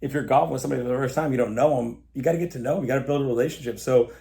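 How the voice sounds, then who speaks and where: A man as a podcast guest, telling stories in a casual, animated way and acting out the dialogue. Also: medium pitch, rapid-fire, vocal fry. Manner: animated storyteller, acts out quoted dialogue. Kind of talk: casual storytelling chat.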